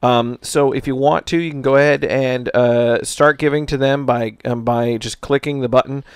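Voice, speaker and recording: A man's voice: medium pitch, steady tone, moderate pace, clean tone, no room sound. Upbeat male podcast co-host, dry sound. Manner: upbeat, affirming, promotional. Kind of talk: casual podcast chat.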